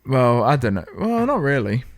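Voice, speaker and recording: A man's voice: mid-range voice, big pitch swings, moderate pace, dry recording. A man with an English accent, co-hosting a casual podcast chat and rambling with lots of restarts and swearing. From England. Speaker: podcast co-host.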